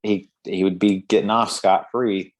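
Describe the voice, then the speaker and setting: Low-voiced man co-hosting a film podcast. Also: steady tone, a little slow. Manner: rambling retelling, heavy use of filler words. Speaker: podcast co-host. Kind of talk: casual film chat.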